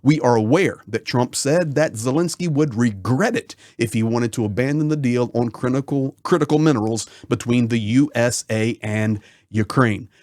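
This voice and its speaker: A man's voice: mid-range voice, normal speed, hardly any pauses, a little mellow, no echo, clean studio sound. A man hosting a political commentary channel, talking indignantly and emphatically, repeating words for effect.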